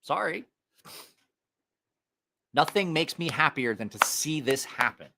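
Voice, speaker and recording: A man's voice: a little high, lively intonation, a little slow, vocal fry, noisy background. A man hosting a knife channel, delivering a heated, profane opinion rant to the camera. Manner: angry, profane ranting.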